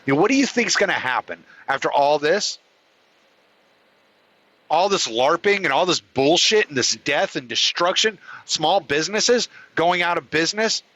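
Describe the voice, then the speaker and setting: On his own show, this man fires off an angry, expletive-laden rant, fuming and heated throughout the monologue. He talks at normal speed in an expressive, sharp voice on the high side, and the audio is poor.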